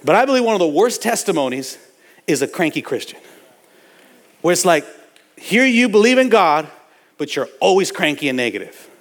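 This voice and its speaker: A man's voice: high voice, sing-song, moderate pace, pauses often, big-room sound. A male pastor delivering a sermon in church, preaching emphatically with repetition and calls to the congregation. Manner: emphatic preaching with repetition and audience call-outs. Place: church sanctuary.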